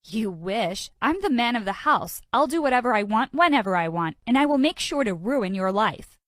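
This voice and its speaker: A woman voicing a cocky, bullying teenage twin brother in an animated story. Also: fairly high pitch, moderate pace, dry recording, clean studio sound. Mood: taunting. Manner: taunting, cocky.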